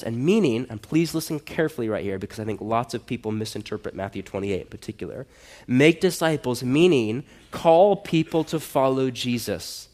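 A man's voice: mid-range voice, expressive, normal speed, darkish tone. A man preaching a sermon in a church, earnest and conversational, building to emphatic exhortations. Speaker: pastor.

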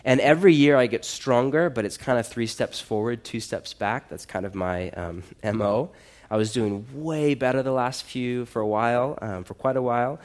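Guy preaching a sermon, talks casual and honest then gets all urgent, middle-pitched voice. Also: moderate pace, darkish tone. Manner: earnest, conversational preaching with rising emphatic exhortations. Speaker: pastor.

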